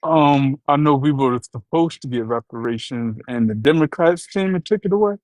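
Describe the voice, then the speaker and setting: A man calling in to a talk show, speaking hesitantly with many pauses and ums. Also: fairly high pitch, animated, darkish tone, no echo. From Virginia. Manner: hesitant, halting, full of ums. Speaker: caller. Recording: dull lo-fi call line.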